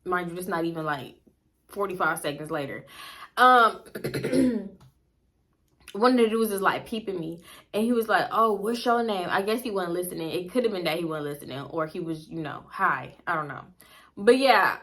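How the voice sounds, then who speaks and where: A woman casually telling a personal story to her viewers, candid and animated, with frequent asides. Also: fairly low pitch, normal speed. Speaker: storytime vlogger.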